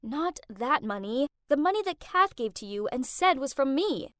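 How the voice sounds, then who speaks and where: A woman voicing a gruff, angry young man in an animated story, speaking curtly and accusingly. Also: high-pitched, moderate pace, no room sound, clean studio sound. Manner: curt and accusing.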